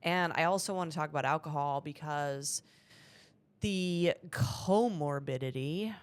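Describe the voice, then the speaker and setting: A woman comedian co-hosting a casual, joking podcast chat with quick tangents. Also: deep voice, clear, resonant tone.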